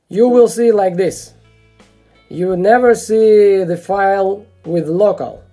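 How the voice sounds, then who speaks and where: A woman explaining a software fix in a casual tutorial, in halting non-native English full of fillers, frustrated and swearing now and then. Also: medium pitch, soft background music. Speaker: video tutorial maker.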